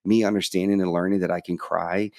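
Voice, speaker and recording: A man's voice: low voice, level tone, fast, vocal fry, darkish tone, dry recording, studio quality. A man in his thirties, a guest on an interview podcast, telling his story openly and with emphasis, swearing casually.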